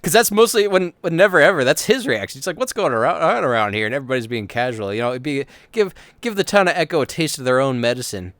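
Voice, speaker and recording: A man's voice: on the high side, big pitch swings, fast, few pauses, a bit bright, no echo. A man chatting casually as his roleplay character, rambling with frequent laughs and playful voiced asides.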